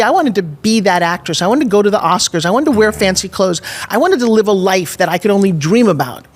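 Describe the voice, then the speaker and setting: A woman in her sixties with a New York accent tells her story in a podcast interview. She is expressive and lively, and her voice sits at an ordinary middle pitch. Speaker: guest.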